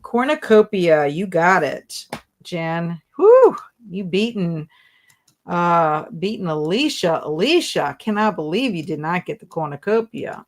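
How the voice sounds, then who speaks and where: Her voice is on the low side with huge pitch swings, and she takes things slowly. As host of a casual book livestream, she reads viewer comments aloud, chatting and giggling often at their jokes.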